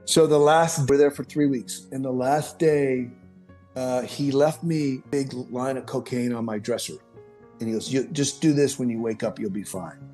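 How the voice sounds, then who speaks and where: A middle-aged man tells his story in a loose, rambling way, circling back to correct himself. His voice sits at an ordinary pitch. Faint music plays under the talk. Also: moderate pace. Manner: rambling, animated, with self-corrections. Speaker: podcast guest. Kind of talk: personal storytelling.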